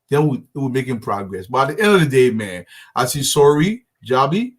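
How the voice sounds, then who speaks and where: A Liberian man hosts a casual live show, greeting viewers by name in a friendly, rambling way full of fillers and restarts. His voice is a little high and very animated, and he talks fairly quickly with hardly any pauses.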